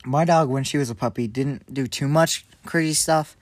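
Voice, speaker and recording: Man, casual co-host, easygoing, jokey, dry close sound, mid pitch. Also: normal speed, dry recording. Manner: laid-back, joking, laughs often. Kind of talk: casual chat.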